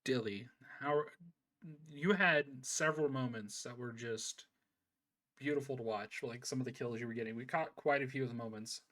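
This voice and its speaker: A man's voice: mid-range voice, normal speed, a bit bright. A man hosting a casual post-match interview, chatty and upbeat as he praises the players' plays. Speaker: league host interviewing players.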